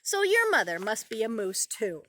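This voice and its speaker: A woman's voice: fairly high pitch, wildly swooping pitch, moderate pace, pushed and bright, a little hiss or hum, heavily acted. A woman voicing a stubborn, eager young male moose in a read-aloud storybook, speaking insistently. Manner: insistent, emphatic.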